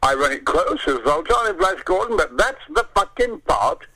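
An older man with a high, bright, forceful voice speaks at normal speed and with great animation. As an interview guest he tells theatrical show-business stories, swearing often and voicing the people in them, on a rough recording.

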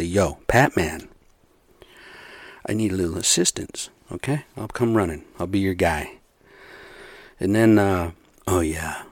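A man's voice: deep voice, no room sound. A man talking straight to his viewers in a rambling, profane rant, full of rhetorical questions and asides. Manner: rambling, heavy swearing, asks rhetorical questions. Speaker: vlogger. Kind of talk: casual profane rant to camera.

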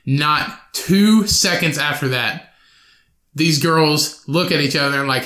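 Young male podcast host, loose and profane, slightly high, bright tone, echoey room. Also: measured pace. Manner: profane, rambling, animated storytelling with laughs. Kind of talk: solo podcast storytelling.

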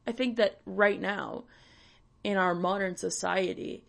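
A woman's voice: medium pitch, fairly even intonation, unhurried, gravelly. A young woman from Canada, hosting and ranting bluntly with swearing and sarcasm. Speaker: podcast host. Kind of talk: ranting monologue.

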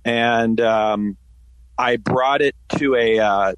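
A man in his forties speaks as a podcast guest, easygoing and chatty. He tells his story at an even, mid-range pitch with plenty of ums and uhs, in a dry, close sound. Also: slow, no room sound, rough recording. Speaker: podcast guest, company founder. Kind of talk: casual interview answers.

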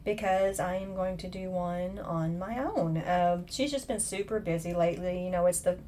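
A woman's voice: on the low side, moderate pace, dark tone, a little hiss or hum. A middle-aged woman hosting a podcast alone, chatting casually in a chatty, self-mocking way with playful exaggeration. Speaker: podcast host. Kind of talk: casual solo podcast chat.

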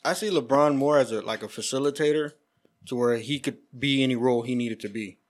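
Man, casual sports chat, mid-pitched, hesitant, questioning. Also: brisk.

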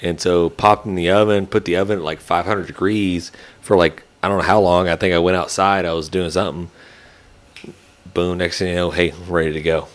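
A man's voice: deep voice, steady tone, brisk. A man hosting a podcast, telling stories in a laid-back, casual way. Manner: laid-back, storytelling, says dude. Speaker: podcast host. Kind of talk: casual chat.

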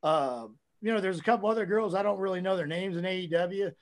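A man with a high voice rambles through a casual podcast chat. He swears freely, telling stories loosely and with energy. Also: quick pace. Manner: profane, rambling, animated storytelling. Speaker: podcast guest, wrestler.

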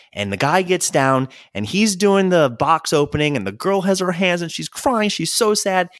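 Young male podcast host, lively solo monologue, dry close-miked sound. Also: dry recording. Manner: animated storytelling, jumps into high squeaky voices for quoted people.

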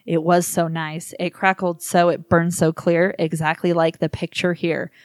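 A woman's voice: on the low side, level tone, normal speed, dry recording. A young woman co-hosting a podcast, telling crude stories with laughs and reading a poem aloud. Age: young adult. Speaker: podcast co-host.

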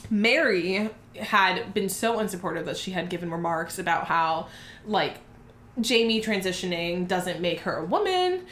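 A woman co-hosting a casual chat show, telling a story in a brash, profane, animated way. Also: fairly low pitch, moderate pace, reverberant, a little hiss or hum. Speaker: podcast co-host.

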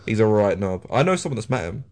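A man's voice: fairly low pitch, big pitch swings, quick pace, a little mellow. A young English man co-hosting a podcast, chatty and swearing freely as he tells stories with frequent laughs. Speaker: podcast co-host. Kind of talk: casual podcast chat.

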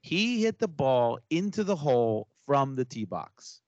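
A man's voice: medium pitch, big pitch swings, a little slow, no echo, dull audio. A man co-hosting a podcast, arguing his point in casual chat and laughing often. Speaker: podcast co-host.

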